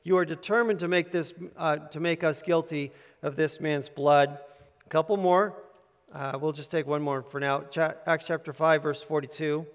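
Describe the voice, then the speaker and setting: Emphatic pastor in a reverberant hall. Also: male voice, fairly high pitch, steady tone, normal speed. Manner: emphatic, repetitive, directs listeners to underline. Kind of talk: sermon with handouts.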